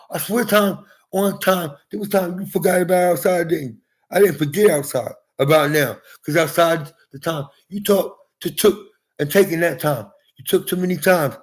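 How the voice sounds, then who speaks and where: A man's voice: high voice, darkish tone. A man in his forties talking straight to viewers in a rambling, profane monologue from inside his house, jumping from topic to topic.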